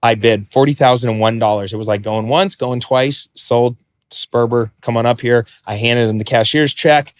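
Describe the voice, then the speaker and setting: A man telling a story as a podcast guest, animated, acting out quotes and swearing freely. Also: medium pitch, moderate pace, no echo, clean studio sound. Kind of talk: podcast interview.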